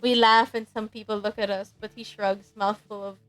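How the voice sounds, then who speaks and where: A young woman streaming, reading a dating game aloud in a giggly, animated way. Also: medium pitch, moderate pace, faint music behind.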